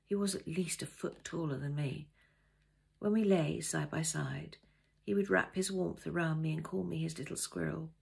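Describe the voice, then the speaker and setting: A woman author reading her own novel aloud, gentle and intimate in the first person. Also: low-pitched, fairly even intonation, moderate pace, gravelly, slightly rough. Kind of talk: storytelling read aloud.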